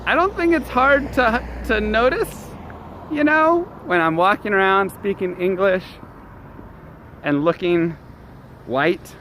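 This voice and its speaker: A man talks loosely and chattily to his live stream, reading out messages from chat and answering them. His voice sits a little high. He is outdoors on a city street, with steady traffic noise behind him. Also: slow pace.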